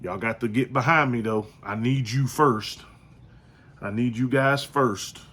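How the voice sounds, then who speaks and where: A man's voice: medium pitch, unhurried, fairly bright tone. A man hosting his own podcast, talking casually and repetitively in slangy, joking asides. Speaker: podcast host. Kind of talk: casual solo podcast monologue.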